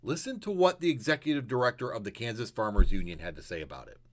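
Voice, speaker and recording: A man's voice: mid-range voice, lively intonation, fast talker. A man giving sarcastic political commentary in a lecturing tone.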